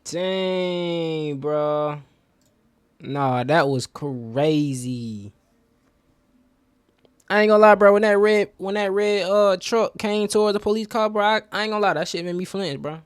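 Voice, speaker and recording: A man's voice: high voice, unhurried, smooth, no room sound. Slangy young man reacting on camera. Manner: slangy, excitable. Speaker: reaction video host. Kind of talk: casual reaction commentary.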